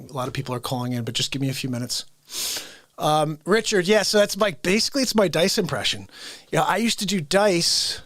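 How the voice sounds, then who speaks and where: A man's voice: a little high, fairly bright tone, dry recording. A man hosting a live comedy stream, chatting casually and directly with his viewers. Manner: chatty, talks straight to viewers. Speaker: livestream host.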